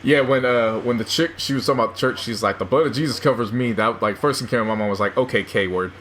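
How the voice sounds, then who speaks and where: A man's voice: mid-range voice, fast, fairly bright tone, a little hiss or hum. A man co-hosting a podcast in casual chat, retelling stories with hesitations and quoted lines. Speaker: podcast co-host.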